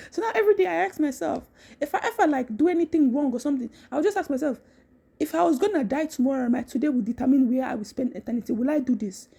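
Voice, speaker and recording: A woman giving a casual devotional talk, animated, repeating phrases and laughing often. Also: high-pitched, gravelly. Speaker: Christian content creator.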